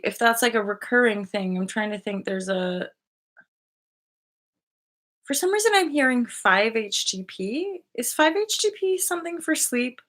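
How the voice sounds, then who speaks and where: Bright-voiced woman chatting on a live stream. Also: a little high. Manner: chatty and spiritual, with fillers and quick asides. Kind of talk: casual live-stream chat to viewers.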